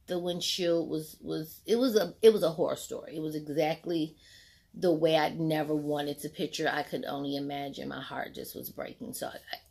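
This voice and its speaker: A woman in her forties tells a personal story in a casual vlog on a home set lit by a ring light, rambling with many fillers, acting out what people said, and dropping to a near-whisper at emotional moments. Her low-pitched voice is steady and a little mellow at normal speed, slightly rough with vocal fry.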